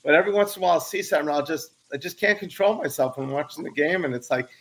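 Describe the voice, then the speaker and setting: A man trading game-day stories on a sports podcast, his voice bright and forceful and pitched a touch high. He tells things in an animated way, acting out his own shouts. The sound comes through a video call. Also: racing. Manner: animated storyteller who acts out his own yells. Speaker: podcast co-host. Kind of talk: casual sports chat.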